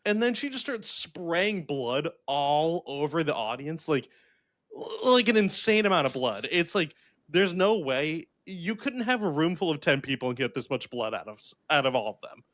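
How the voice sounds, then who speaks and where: This podcast co-host, a man with a slightly high voice, reviews a film in a casual chat. He rambles in an animated way at normal speed, with lots of fillers and frequent laughter.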